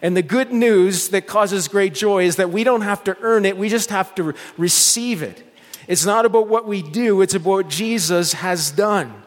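Man, pastor, sermon, fairly high voice, storytelling, earnest soft appeals, long hall reverb. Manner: storytelling with rising excitement, then slowing to soft earnest appeals.

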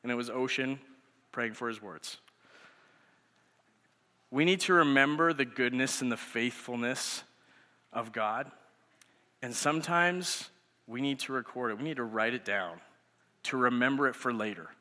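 A man's voice: mid-range voice, a little slow, pauses often, pushed and bright. A man in his thirties, a youth pastor, giving a sermon through conversational storytelling. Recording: echoey hall reverb.

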